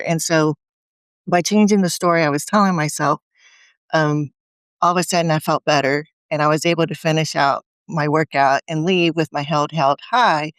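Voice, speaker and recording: A woman's voice: low voice, fairly even intonation, normal speed, clean tone, no echo. A woman guest in a conversational interview, telling earnest stories and acting out her own inner voice. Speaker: guest speaker.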